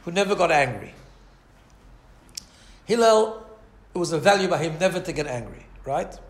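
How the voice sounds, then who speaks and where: A man's voice: a little high, lively intonation, normal speed, roomy sound. A man teaching a Torah class in a conversational way, often asking "right?" and acting out the voices in his stories. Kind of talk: Torah lecture.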